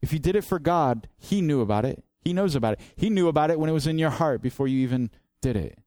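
A man's voice: on the high side, expressive, quick pace, dark tone, no echo. A man preaching a sermon as pastor, earnest and direct, driving points home with rhetorical questions.

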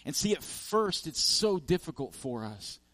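A man's voice: a little high, sing-song, measured pace, a bit bright, dry recording. A man preaching a sermon, telling a parable with emphatic, repetitive lists and frequent restarts. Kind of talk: sermon storytelling.

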